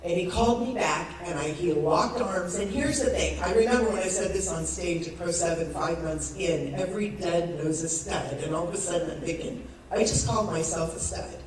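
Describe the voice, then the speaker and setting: Before an audience in a big event hall, a network marketer in her sixties delivers a motivational talk, speaking at a moderate pace in a fairly low voice. She tells an animated story, impersonates the people she quotes, and laughs frequently. The distant mic picks up hall echo and crowd noise.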